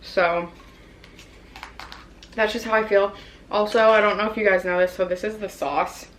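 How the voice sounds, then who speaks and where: A woman's voice: medium pitch, fairly even intonation, normal speed, a little hiss or hum, rough recording. A young woman vlogger in a casual mukbang, chatting and rambling while she eats, in her apartment. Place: apartment room in New York.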